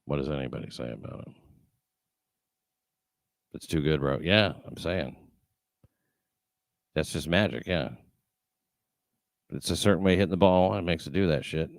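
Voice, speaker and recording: This host has a bass voice with vocal fry, speaking at a moderate pace with long pauses and no echo. He chats casually on his livestream, reading comments from viewers while rambling, swearing, and restarting amid many fillers.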